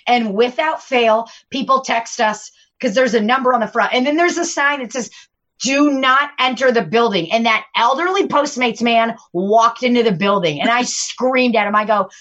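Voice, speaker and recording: A woman's voice: fairly high pitch, moderate pace, few pauses, fairly bright tone, lo-fi sound. A woman chatting casually with friends, telling crude stories from her restaurant job with plenty of laughter and acted-out quotes. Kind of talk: casual chat among friends. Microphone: phone.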